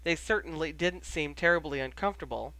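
An audiobook reader narrates a story in an even, measured way. The voice sits mid-pitched. The sound is dry and close. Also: no room sound. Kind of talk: fan fiction audiobook narration.

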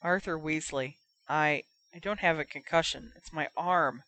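A woman voicing an injured young man who speaks faintly and hoarsely. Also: low voice, unhurried, a bit bright. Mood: weak. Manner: faint, strained, breathy. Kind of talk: audiobook character voice.

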